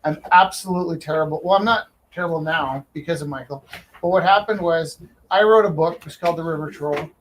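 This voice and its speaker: Brief: male live-auction host, a bit higher-pitched, stumbles and restarts a lot, faint room noise behind. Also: rough recording. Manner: halting, many restarts and fillers. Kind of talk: casual live-stream storytelling.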